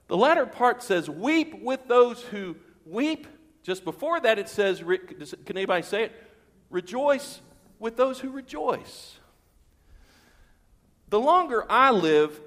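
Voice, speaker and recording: A male pastor with a notably high voice preaches to his congregation, stressing words by repeating them. He asks the room rhetorical questions. His voice carries a long church reverb. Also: fairly bright tone. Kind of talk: sermon. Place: church sanctuary.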